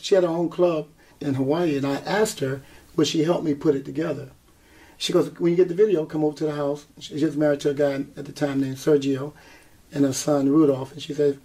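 Gravelly and a little high, the voice belongs to a singer being interviewed about his story. He's an animated teller who plays out what people said to him and laughs frequently.

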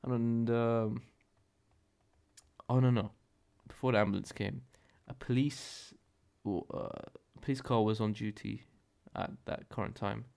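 A man's voice: mid-range voice, steady tone, unhurried, vocal fry, a little mellow, smooth. A young man hosting a podcast, telling a story in a rambling, profane, self-correcting way. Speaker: podcast host. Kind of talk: casual solo podcast storytelling.

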